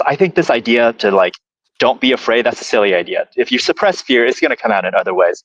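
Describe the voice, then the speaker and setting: A low-voiced man reflects on fear and choices in a casual podcast talk, often halting to find his words. His audio is dull and muffled, as if from a weaker remote mic, and the sound is dry. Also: fairly bright tone, dry recording. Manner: reflective, halting, many fillers. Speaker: podcast co-host.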